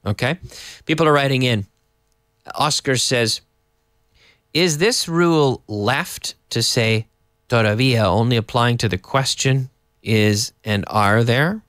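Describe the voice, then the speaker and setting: A man teaching a live online English lesson, explaining slowly and adding Spanish glosses. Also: mid-range voice, a bit bright, no echo, clean studio sound.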